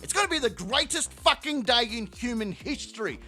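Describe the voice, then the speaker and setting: A man's voice: extremely high pitch, moderate pace. A male channel host giving a rambling, profane comedic outro. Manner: animated, profane, rambling storytelling.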